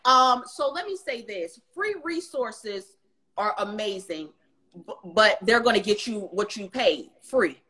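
A woman's voice: mid-range voice, lively intonation, unhurried, bright, forceful tone. A woman, a tutoring center owner speaking as a guest in a live interview, giving emphatic advice straight to parents. She talks in a preachy way, repeats herself and calls her listeners y'all. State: emotional at times.

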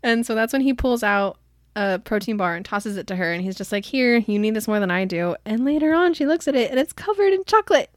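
A woman's voice: fairly high pitch, a little fast, no room sound, studio quality. A young woman co-hosting a podcast, animatedly recapping a romance novel and acting out the characters' lines. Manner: animated storytelling, acting out character quotes, frequent "like". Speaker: podcast co-host. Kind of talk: casual book recap chat.

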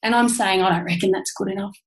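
A woman's voice: mid-range voice, fairly even intonation, fast talker, low-quality recording. A woman with an Australian accent, speaking as a guest on a podcast in an earnest, heartfelt and emphatic way. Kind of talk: candid interview talk.

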